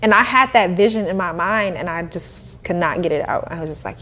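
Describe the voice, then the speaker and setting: A young adult woman, a guest in a casual interview, telling her story in a lively way, laughing and acting out what people said. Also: fairly low pitch, moderate pace, hardly any pauses. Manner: animated, laughing, acts out quoted dialogue. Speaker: guest, cleaning business owner.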